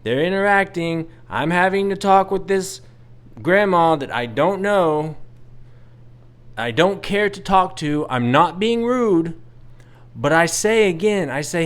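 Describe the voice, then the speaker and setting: A man in his thirties, exasperated and venting bluntly, with a slightly high voice. His tone is smooth and clear, with the odd curse word slipping in. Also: expressive, takes it slowly. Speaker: vlogger. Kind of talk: casual storytelling rant.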